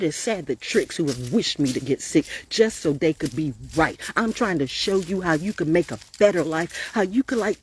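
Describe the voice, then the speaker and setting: A woman's voice: sits low, animated, normal speed, hardly any pauses, a little hiss or hum. A woman talking straight to her audience in a vlog, ranting with emphatic repetition and plenty of profanity. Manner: repeats phrases for emphasis. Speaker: online broadcaster.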